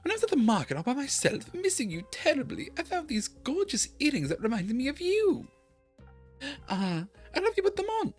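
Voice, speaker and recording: A streamer voicing a cheerful, clingy, dramatic male vampire in a video game, speaking in a theatrical, high, gushing way. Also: huge pitch swings, brisk, soft background music. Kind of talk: voicing game characters while playing.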